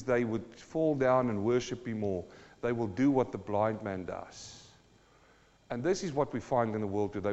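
A man preaching a sermon as pastor, moving between low, earnest talk and loud, fervent declarations. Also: big-room sound, highs cut off. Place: church.

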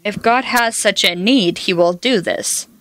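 A woman's voice: mid-range voice, a little slow, fairly bright tone, no room sound. A woman preaching a sermon, telling personal stories and quoting scripture in an earnest way. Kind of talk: sermon teaching.

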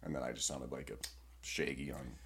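A man's voice: very deep voice, steady tone, fairly quick, gravelly, a bit bright, slight background noise. A man co-hosting a podcast in casual, playful chat, leading the segments and laughing often. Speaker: podcast co-host.

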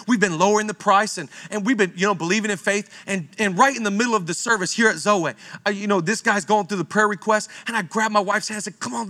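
Bright, high-voiced energetic pastor man. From Seattle, Washington. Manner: energetic, playful storytelling with jokes. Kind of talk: sermon. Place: church sanctuary, live congregation.

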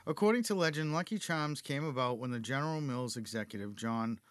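A man's voice: mid-range voice, lively intonation, fairly quick, dry recording. A male podcast host casually reading cereal history from notes, cracking jokes and laughing often. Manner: jokey, laughs often, reads notes aloud.

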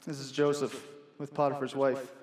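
A man's voice: mid-range voice, little pitch movement, moderate pace. A young man preaching a sermon in a church, earnest and conversational, repeating key phrases for emphasis. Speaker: pastor. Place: church hall. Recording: echoey hall from far off.

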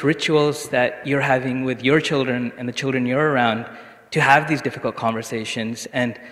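A man's voice: mid-range voice, a bit bright. Earnest man asking a question in a hall. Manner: earnest, curious, slightly halting. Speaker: audience member asking a question. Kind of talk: question from the floor. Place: lecture hall. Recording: reverberant hall.

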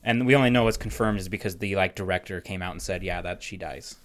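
A man hosting a podcast, telling rambling, animated stories in casual chat. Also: low voice, fast talker. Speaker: podcast host.

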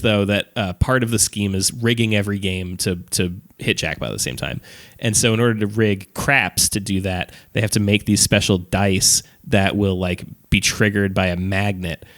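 Man, podcast co-host, slightly low pitch, rambling casual chat, filler words, offhand swearing. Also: fairly bright tone. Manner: rambling, lots of "like" and "um", casual swearing, laughs while telling. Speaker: podcast co-host reviewing films.

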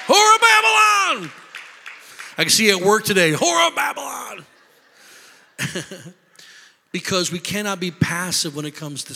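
A man preaching a sermon, telling stories with lively voices and shouted lines for emphasis. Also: sits high, long reverb tail. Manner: animated storytelling, shouting for emphasis. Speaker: pastor.

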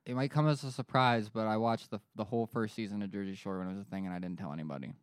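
A man's voice: on the low side, rapid-fire, smooth, no room sound. A man from Pennsylvania co-hosting a casual podcast chat, joking around and reading news stories aloud. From Pennsylvania, USA. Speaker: podcast co-host.

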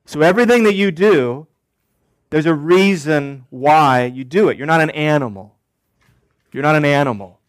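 With a slightly high voice and no echo, this preacher speaks deliberately from the pulpit. He returns to key phrases again and again and poses rhetorical questions to his congregation.

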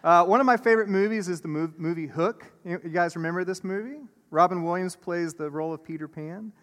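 A man's voice: sits high, fairly quick. A man preaching a sermon to a congregation in a church sanctuary, earnest and building through repeated phrases, then loosening into casual, chatty asides. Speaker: pastor. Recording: echoey church hall.

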